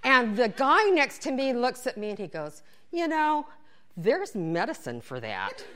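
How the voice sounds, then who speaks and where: A woman's voice: fairly high pitch, measured pace. A woman telling a funny personal story, acting out what everyone said, dropping to whispers and breaking into laughter. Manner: animated, acts out quotes, whispers asides, laughs while telling.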